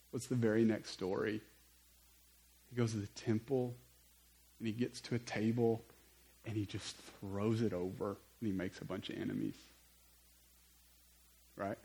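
Animated male pastor preaching. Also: on the low side, vocal fry, rough recording. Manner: animated storytelling, conversational asides. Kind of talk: sermon.

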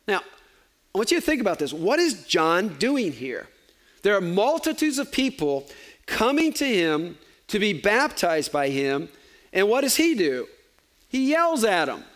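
A man preaching a sermon in church as pastor, conversational and animated, with joking asides. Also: high-pitched, moderate pace.

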